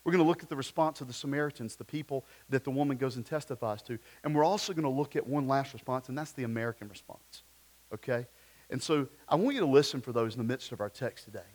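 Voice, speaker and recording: A man's voice: medium pitch, quick pace. A man, preaching a sermon at a church service in a conversational way, full of rhetorical questions and personal stories. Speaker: pastor.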